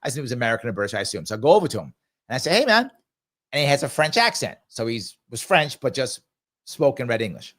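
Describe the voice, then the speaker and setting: A man's voice: mid-range voice, animated, racing, a bit bright. A man hosting a live ask-me-anything show, answering viewer comments and telling a travel story in an emphatic, conversational way. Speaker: livestream show host.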